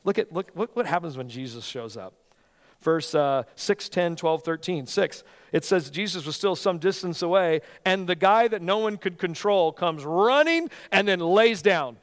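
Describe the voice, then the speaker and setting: A male pastor preaching with fervor, pushing up to loud peaks before dropping to a gentle, earnest hush. His voice sits a little high for a man. The sound carries the long reverb of a large hall. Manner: impassioned, rising to near-shouting peaks, then dropping to soft earnest tones. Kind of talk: sermon.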